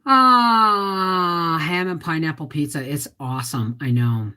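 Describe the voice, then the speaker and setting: Canadian woman, low voice, casual livestream host chatting with her viewers. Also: big pitch swings, slow pace, sharp tone. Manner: chatty, reads viewer comments aloud and answers them.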